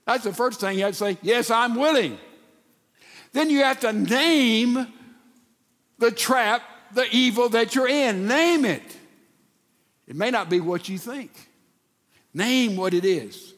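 An older man preaching a sermon in a folksy, animated way, with stammered restarts. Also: high-pitched, normal speed. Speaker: pastor. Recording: long reverb of a large hall.

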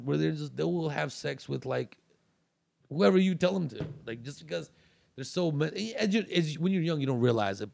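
A man's voice: fairly high pitch, vocal fry, a little mellow, no echo. A man telling a long story in casual chat, rambling with fillers and restarts.

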